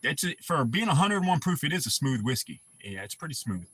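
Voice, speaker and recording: A man's voice: a little high, big pitch swings, a little fast, a bit bright, husky. A man chatting casually on his livestream, telling rambling, profane stories. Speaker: livestream host.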